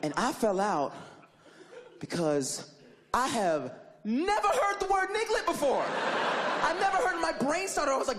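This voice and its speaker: Man, stand-up storytelling, animated, high voice, wide swings in pitch. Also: a little fast, over a noisy crowd. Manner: animated, laughing, acts out characters with big voice jumps. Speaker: stand-up comedian.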